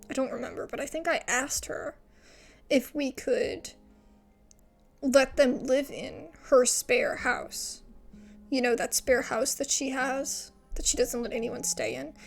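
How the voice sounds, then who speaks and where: A woman's voice: high voice, creaky. A young woman casually commenting on a story game as she plays, thinking aloud and often second-guessing herself. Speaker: gamer playing a story game.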